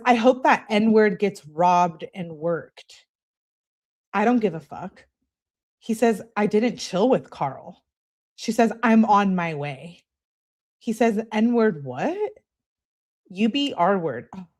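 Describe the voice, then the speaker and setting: A woman with a low, slightly mellow voice runs her channel, reading text messages as case evidence in an easygoing way. She greets the audience and peppers the reading with blunt profanity.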